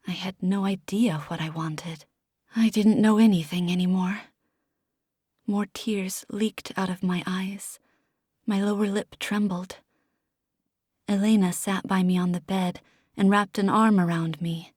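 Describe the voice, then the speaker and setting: Female audiobook narrator, first-person fantasy, expressive and emotional, dry close-miked read. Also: mid-range voice, measured pace, slightly rough, no room sound.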